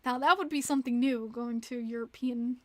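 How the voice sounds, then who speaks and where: Woman streamer, high bright-pitched voice, chatty and reactive, casual livestream host. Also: steady tone. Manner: chatty, reacts to viewer chat with quick exclamations.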